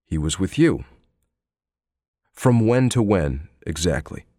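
A man's voice: sits low, very animated, slow pace, dark tone, dry recording, studio quality, full character voice. A man voicing a mocking detective. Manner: mocking, probing questions. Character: sardonic needling male police detective. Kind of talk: audiobook character voice.

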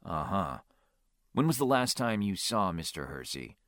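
A man voicing a skeptical police detective who speaks in a low, curt drawl. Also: sing-song, a little slow, a bit bright, no echo, clean studio sound, heavily acted.

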